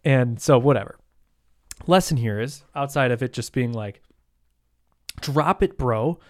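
A man's voice: medium pitch, normal speed, a little mellow, no room sound. Rambling man hosting a solo podcast, dry sound. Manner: rambling, self-interrupting, full of fillers and mild swearing. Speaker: podcast host. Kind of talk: casual solo podcast monologue.

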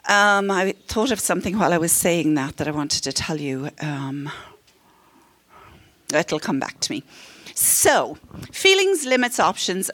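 A friendly middle-aged woman counselor leads a live parenting workshop, her fairly low voice slightly bright. She laughs often and acts out what parents and children say.

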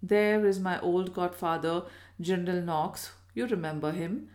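A woman's voice: on the low side, measured pace, a little mellow, lightly acted. A woman reading aloud and voicing a chatty, solicitous hostess who fusses over her guest.

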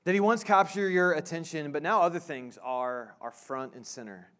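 Guy pastor in his 30s, kinda high voice, lots of ums and restarts, relaxed sermon. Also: clear, resonant tone. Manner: casual, halting, with many fillers and restarts.

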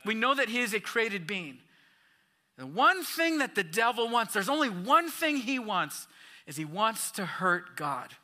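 A man's voice: sits high, big pitch swings, unhurried, bright, forceful tone. A man pastor preaching a sermon, reading scripture and asking questions of the congregation with emphatic rises and falls.

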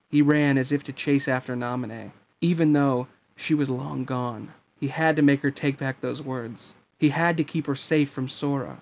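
Gravelly-voiced man reading a novel aloud. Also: mid-range voice, steady tone, moderate pace. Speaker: reader of a fan story.

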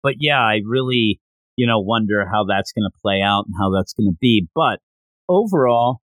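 A man hosting a podcast, recapping a comic in an animated, rambling casual chat. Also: lowish voice, moderate pace, no room sound. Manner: animated, rambling retelling with lots of fillers. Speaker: podcast host.

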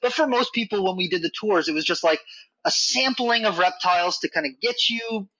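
A man with a high-pitched, bright, forceful voice talks a little fast as a podcast guest who works at a reptile facility. He tells a casual, rambling story packed with "like" and "you know." The lo-fi audio is dull and dry, with no echo.

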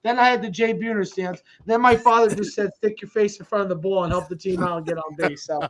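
A man co-hosting a sports podcast, telling playful family stories in an animated way. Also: sits high, fast talker, slight background noise. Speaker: podcast co-host. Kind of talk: casual storytelling chat.

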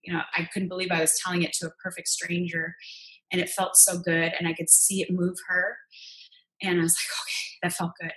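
Woman guest on an interview, lowish voice, pretty flat delivery, earnest and open about her story. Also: brisk, rough recording. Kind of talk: candid personal storytelling.

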